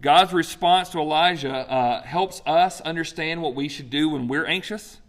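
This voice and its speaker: A male pastor with a fairly high voice, preaching in a loose, conversational style. He is animated and quick to joke between points. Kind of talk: sermon.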